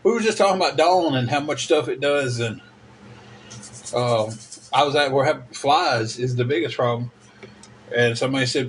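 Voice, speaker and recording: A man's voice: medium pitch, moderate pace, pauses often, slight background noise, poor audio. A man hosting a casual livestream, rambling in a folksy way and thanking viewers by name. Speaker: livestream host.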